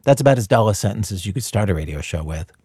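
A man's voice: lowish voice, animated, quick pace, dark tone, breathy edge, dry recording. A man hosting a radio show, narrating in a wry, conversational way from a studio mic.

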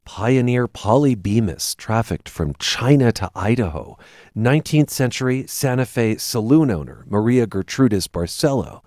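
A man public radio host reading a scripted news report in a crisp, measured way. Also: mid-range voice, lively intonation, darkish tone, no echo, clean studio sound.

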